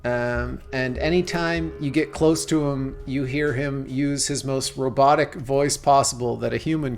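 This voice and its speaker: Man, game master, gravelly voice, rambling, frequent laughs, faint background music. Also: mid-range voice, steady tone, measured pace, hardly any pauses. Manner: rambling, laughing often, many fillers and restarts. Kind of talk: narrating a tabletop horror game.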